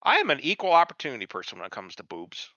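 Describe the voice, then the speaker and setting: Podcast co-host, man, bright and forward, dull dry recording, rambling and profane. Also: mid-range voice, quick pace, dry recording. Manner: rambling, swears a lot, lively. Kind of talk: casual profane chat.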